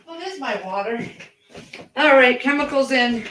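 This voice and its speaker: A talkative woman with a slightly raised voice runs a relaxed livestream from her house. She rambles from one thing to the next and calls out hello to viewers by name. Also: sits high, unhurried, slight background noise. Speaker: livestream host. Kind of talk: casual livestream chat. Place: at home.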